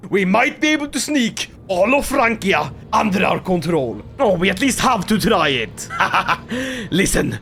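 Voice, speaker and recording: Brief: high, animated man narrating strategy gameplay, theatrical bursts of glee, faint music under. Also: gravelly. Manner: excitable, theatrical, laughs often. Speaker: gaming video creator.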